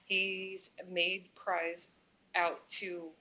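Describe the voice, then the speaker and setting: Bright-voiced woman commentating. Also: lowish voice, little pitch movement, extremely slow, a little hiss or hum. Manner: speculative, rambling with many fillers. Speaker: commentary channel host. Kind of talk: reaction commentary.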